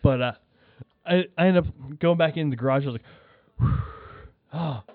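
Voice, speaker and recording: A rambling, animated man tells his story in casual chat. His voice sits a bit high. It comes through a tinny phone line with a dry sound. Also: fast, dry recording. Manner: rambling, animated, acts out his own shouts while telling a story. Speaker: podcast guest.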